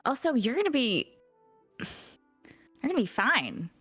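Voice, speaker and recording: A woman's voice: fairly high pitch, wildly swooping pitch, a little slow, fairly bright tone, breathy edge, soft background music. A woman playing a tabletop game, chatting in an upbeat, joking way. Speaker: player. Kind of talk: casual tabletop play.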